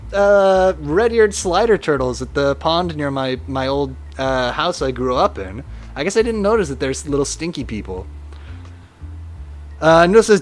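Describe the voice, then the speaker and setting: A man streaming a game live, chatting casually and reading viewer comments aloud in an animated way. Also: a little high.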